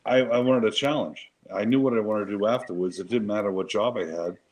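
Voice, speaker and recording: Brief: male co-host, ex-Marine, deep-ish voice, swears constantly, rambling chatty storyteller. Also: brisk, a little mellow, low-quality recording. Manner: profane, emphatic, rambling with restarts. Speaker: show co-host, Marine veteran. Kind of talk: casual chat, storytelling.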